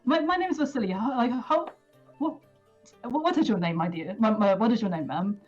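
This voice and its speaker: A woman's voice: a little high, a little fast, darkish tone, highs cut off, soft background music, pitched above the performer's own voice, close to an everyday voice. A woman doing an effusive, flirtatious hunter man. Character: jovial adult male hunter, flirtatious.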